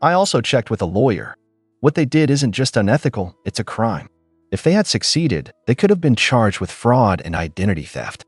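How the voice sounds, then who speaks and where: A man's voice: mid-range voice, very animated, moderate pace, breathy edge, no room sound, studio quality, faint music behind. A man reading a businesslike female estate agent. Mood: confiding. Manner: confiding, matter-of-fact.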